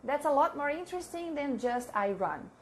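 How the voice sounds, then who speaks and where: A woman teaching a live online English lesson, chatting with viewers and repeating example sentences slowly, with frequent laughs. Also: high-pitched, expressive. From Brazil.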